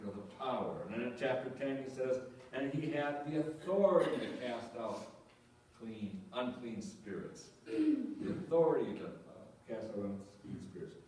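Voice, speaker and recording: A man's voice: mid-range voice, dark tone, a little hiss or hum. A male pastor giving a conversational sermon, often asking the congregation questions and repeating his phrases. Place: church sanctuary. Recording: echoey church from a distant mic.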